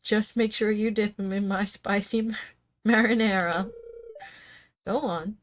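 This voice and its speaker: A woman's voice: mid-range voice, fairly even intonation, a little slow, lightly acted. Woman doing a sweet, kindly old grandmother. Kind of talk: reading video game dialogue aloud.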